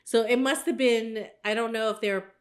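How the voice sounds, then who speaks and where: This woman co-hosts a casual podcast and tells her stories in a lively, swear-heavy way. Her voice sits on the high side. It leaps up when she acts out her own reactions. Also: normal speed. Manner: animated, swearing freely, quoting herself in a raised voice. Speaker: podcast co-host. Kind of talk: casual storytelling chat.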